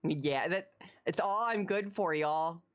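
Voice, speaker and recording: A woman's voice: lowish voice, takes it slowly. A young adult woman streaming live, chatting casually, wry and self-mocking, often repeating her lines.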